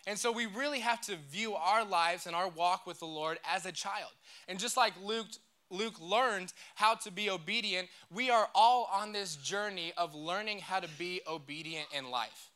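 A man's voice: high voice, moderate pace, pushed and bright. A young man giving a casual, joking sermon in church and leading the crowd in call-and-response. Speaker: church speaker.

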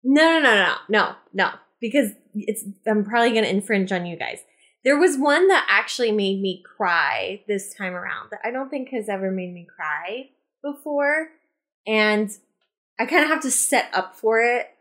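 A woman's voice: mid-range voice, normal speed. A woman on a casual movie podcast, telling stories animatedly with lots of fillers. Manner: animated storytelling with many fillers. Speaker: podcast co-host.

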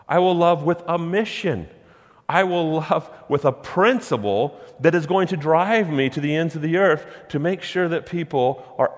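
Preaching man in an echoing hall. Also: fairly high pitch. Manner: swings from hushed to loud, slows on key words. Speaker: pastor. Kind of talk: sermon. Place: church sanctuary.

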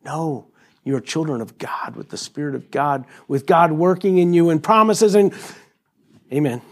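A middle-aged man preaching a sermon to a congregation, animated and joking, acting out quotes in high voices. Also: normal speed. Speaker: pastor.

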